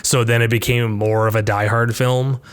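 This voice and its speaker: A man's voice: mid-range voice, level tone, normal speed, clean tone. Rambling man chatting about a movie. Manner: rambling, many restarts and filler words. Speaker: podcast co-host. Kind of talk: casual film discussion.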